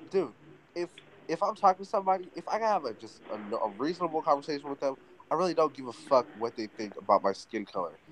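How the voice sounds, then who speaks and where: This podcast co-host has a mid-range voice, heard over slight background noise in a rough recording. In casual conversation he retells a story with lots of cursing, wandering along in an animated way.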